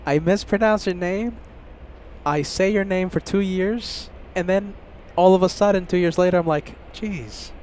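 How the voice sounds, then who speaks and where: A man's voice: high voice, fairly even intonation, normal speed, a little mellow, a little hiss or hum. A man hosting a casual live stream outdoors, chatting and reading out viewer names and messages. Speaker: livestream host. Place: outdoors near an airport.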